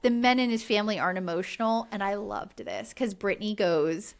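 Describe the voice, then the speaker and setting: A woman's voice: medium pitch, brisk. A woman co-hosting a podcast, recapping reality TV in casual chat, chatty and exasperated, full of fillers. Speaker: podcast co-host.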